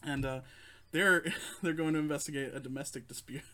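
A man co-hosting a casual chat, retelling a fan film with laughs and quick imitations of the characters. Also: fairly high pitch, steady tone, pushed and bright. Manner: laughing, quoting characters in quick put-on voices. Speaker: podcast co-host.

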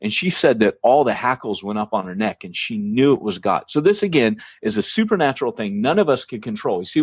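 A man's voice: mid-range voice, slightly rough, no echo, highs cut off. A man hosting a church planting podcast, telling a long story casually, with lots of fillers and restarts.

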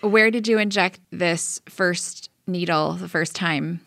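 A woman host with a lowish voice leads the interview, recapping what she has heard and then probing for details. Her voice is close and dry, with no room echo. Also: slow, vocal fry, fairly bright tone. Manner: probing, recaps before asking. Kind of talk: interview questions.

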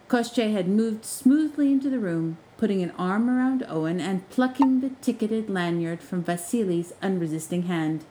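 Expressive woman narrating a story. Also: fairly low pitch, normal speed, a little hiss or hum, rough recording.

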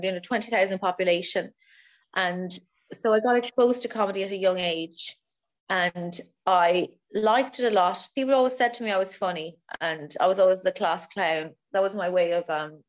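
An Irish woman, a comedian and podcast guest, telling stories in a chatty, self-deprecating way. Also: mid-range voice. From Ireland. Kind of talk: casual interview chat.

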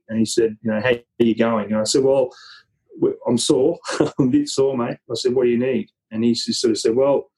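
Rambling husky Australian man. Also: mid-range voice, darkish tone, rough recording. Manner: rambling with many restarts and fillers. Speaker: interview guest. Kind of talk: casual storytelling.

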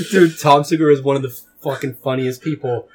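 Young male co-host, mid-pitched, loose and profane, quick to laugh. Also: darkish tone, a little hiss or hum. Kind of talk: casual chat.

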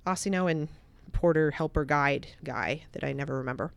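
A woman guest on a podcast, telling a personal story in casual chat, animated at moments and quiet and reflective at others. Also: sits low, a little fast, gravelly, clean tone, no room sound.

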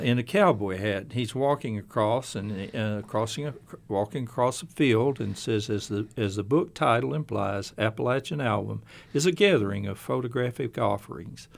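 A man's voice: medium pitch, normal speed, gravelly. A man hosting a casual conversation show, talking in a rambling, anecdotal, friendly way. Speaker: host. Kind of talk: casual chat.

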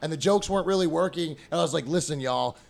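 Brief: male comic guest, crude and deadpan, slightly raised pitch. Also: rapid-fire, creaky. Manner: blunt, crude, dry humor. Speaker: comedian guest. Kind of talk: casual chat.

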